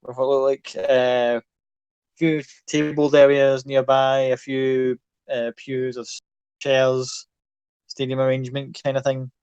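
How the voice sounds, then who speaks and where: A man's voice: mid-range voice, little pitch movement, a little slow, a little mellow, clean tone, dry recording, lo-fi sound. Brief: male game master, casual rambling scene narration, dry close recording. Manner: loose, rambling description with fillers and swearing.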